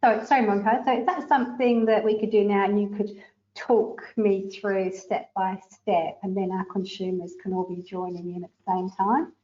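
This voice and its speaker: A woman with an Australian accent, interviewing and answering in a relaxed, plain way. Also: mid-range voice, normal speed, muffled recording.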